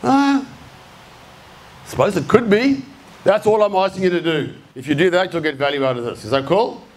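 A man's voice: sits high, normal speed. An Australian man giving a live talk to an audience, casual and blunt, swearing freely and quizzing the crowd. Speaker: speaker at a creative talk. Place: event room with a live audience.

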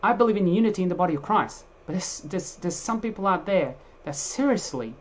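A man preacher delivering a sermon in an emphatic, animated way, with frequent restarts. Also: sits high, a little fast, a little hiss or hum.

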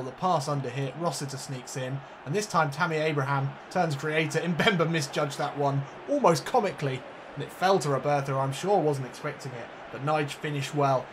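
A man commentating on his own football video game match as host, getting excited at goals. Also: fairly high pitch, noisy background. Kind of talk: let's play football commentary.

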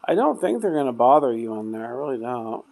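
A man investigating spirits in an old hotel room at night, chatting casually and trailing off into quiet asides. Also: mid-range voice, very animated, brisk, gravelly. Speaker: paranormal investigator. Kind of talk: casual chat during ghost hunt.

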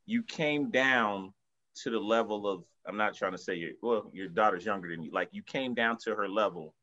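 Man teaching a church class, bright forceful voice, casual and coaxing, dull lo-fi sound. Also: fairly low pitch, moderate pace. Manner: casual, coaxing, lots of filler "like". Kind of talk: informal Bible class teaching.

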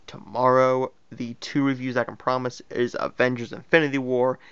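A man's voice: medium pitch, flat delivery, moderate pace, fairly bright tone, clear, resonant tone, muffled recording. A man giving a casual spoken movie review in a rambling, offhand way, full of fillers and self-corrections. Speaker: film reviewer.

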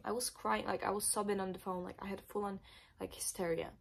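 Creaky-voiced young woman telling a personal story. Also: medium pitch, level tone, fairly quick. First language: not English. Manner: emotional, many "like" fillers, confessional. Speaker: vlogger.

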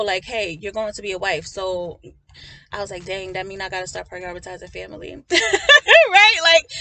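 A raspy woman preaches with casual fervor, as if talking straight to her followers. Her voice has a bright, forward edge, worn a little by tiredness. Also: medium pitch. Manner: casual, fervent, addresses listeners as family. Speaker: prophetic minister. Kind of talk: preaching to an online audience.

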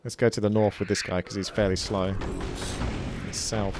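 A man's voice: on the low side, little pitch movement, normal speed, very noisy. A man giving casual, rambling let's play commentary, musing aloud and swearing now and then. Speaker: gamer.

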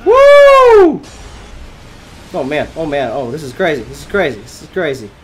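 A man giving live gameplay commentary from his bedroom, excitable and quick to shout and laugh. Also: medium pitch, slight background noise. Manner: excitable, loud exclamations and laughs. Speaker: gaming YouTuber.

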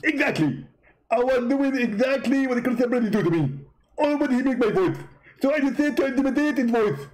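Man putting on a boastful high-voiced preacher. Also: expressive, darkish tone, rough recording. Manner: boastful, taunting, fast rambling. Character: mocking impression of a boastful male preacher.

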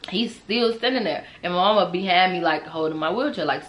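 A young woman telling a personal storytime on her channel in a casual, animated way, laughing, swearing freely and talking straight to her viewers. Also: fairly low pitch, brisk. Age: young adult. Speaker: storytime vlogger.

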